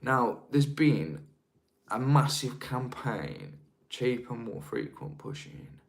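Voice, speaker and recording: Male streamer, Birmingham accent, casual and chatty, mid-pitched voice. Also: very animated, slow pace, vocal fry. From England. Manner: chatty, rambling, with frequent restarts. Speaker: livestream host. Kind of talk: casual live-stream chat reading comments.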